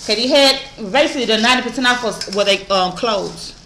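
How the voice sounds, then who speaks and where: Against a noisy background, a vlogger who is a mother talks fast in a higher-pitched voice while going through her shopping haul. Her casual, profane storytelling is animated, complete with impressions of other people.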